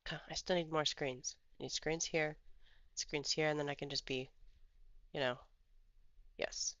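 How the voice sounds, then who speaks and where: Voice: medium pitch, fairly even intonation, measured pace, fairly bright tone, no room sound, highs cut off. A livestream host giving casual stock trading commentary, rambling and thinking aloud while pulling up charts. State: has the hiccups.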